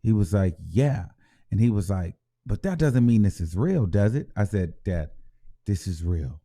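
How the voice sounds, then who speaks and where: A man's voice: lowish voice, lively intonation, normal speed, warm tone. A man hosting his own vlog, talking in a rambling, emotional way, full of fillers and restarts. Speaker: show host. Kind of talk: casual vlog commentary.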